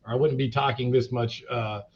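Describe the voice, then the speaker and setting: A cannabis company CEO, appearing as an interview guest, talks bluntly and profanely in a rambling way packed with fillers. His mid-range voice is steady, darkish, and a little fast, captured on dull lo-fi podcast audio.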